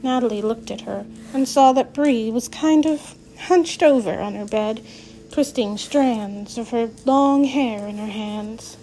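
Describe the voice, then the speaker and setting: A woman's voice: on the high side, measured pace, mellow, a little hiss or hum, poor audio. A woman reading a novel aloud at an easy pace, now and then stumbling and rereading a phrase, with casual asides to listeners. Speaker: reader.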